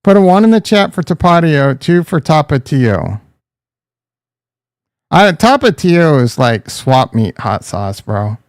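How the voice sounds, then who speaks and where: Bantering livestream guy, higher voice, dry sound. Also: moderate pace, hardly any pauses, smooth, no room sound. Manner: loose, joking, talks to the chat, calls viewers bro and dude. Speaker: crypto livestream host. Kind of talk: casual livestream rant.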